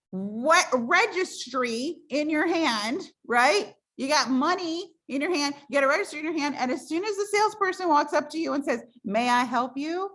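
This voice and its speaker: A woman coaching her sales team on a call, chatty and animated. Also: high voice. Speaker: direct sales team leader.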